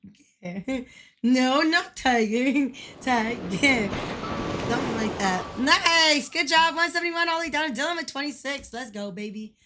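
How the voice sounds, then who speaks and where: A woman's voice: high voice, expressive, normal speed, background noise. A woman livestreaming in a casual, playful way, giggling and swearing now and then as she chats.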